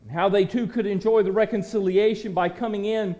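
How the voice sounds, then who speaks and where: A man preaching a sermon in a dramatic way, dropping to a hush and then rising to loud declaiming. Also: high-pitched, fairly even intonation, brisk.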